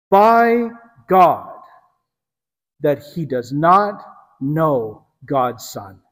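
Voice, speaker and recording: Slow, dramatic preacher in a reverberant hall. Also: male voice, on the high side. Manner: dramatic storytelling, emphatic, drops to hushed tones. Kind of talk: sermon.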